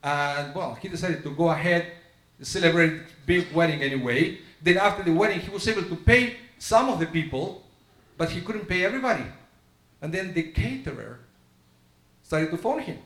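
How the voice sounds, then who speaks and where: A man's voice: expressive, moderate pace, fairly bright tone. Man preaching a storytelling sermon. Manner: storytelling sermon, acts out dialogue with shifting pitch. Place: synagogue sanctuary. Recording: echoey sanctuary.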